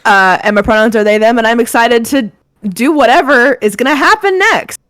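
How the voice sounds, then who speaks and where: A player in a tabletop game stream, introducing themselves in a loud, bubbly, self-mocking way. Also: medium pitch, moderate pace, dry recording. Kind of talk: casual chat.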